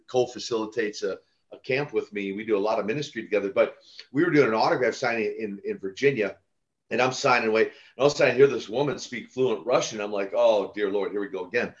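An older man, a retired wrestler turned minister, telling stories in a casual podcast interview with lively chuckles and restarts. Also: mid-range voice, dull audio. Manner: animated, chuckling, with restarts and repeated words.

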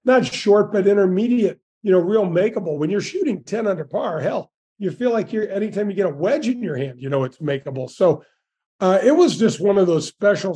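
Folksy sixties male guest, warm dark timbre, slightly high voice, eager anecdotes. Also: husky. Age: 60s. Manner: folksy and enthusiastic, many restarts. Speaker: guest, former tour golfer. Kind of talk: storytelling interview.

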